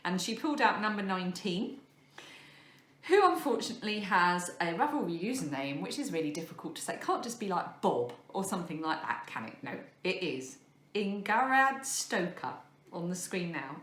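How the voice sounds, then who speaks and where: A woman's voice: on the low side, very animated, moderate pace, fairly bright tone. A woman in her thirties hosting a craft podcast, chatting casually and rambling with lots of fillers and self-deprecating asides. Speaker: podcast host. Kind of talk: casual chat showing crafts to camera. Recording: echoey room.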